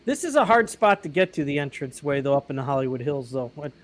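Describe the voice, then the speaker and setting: A man's voice: on the high side, sing-song, quick pace. A man co-hosting a live movie watch-along, teasing his friend and chatting about the film. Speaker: co-host.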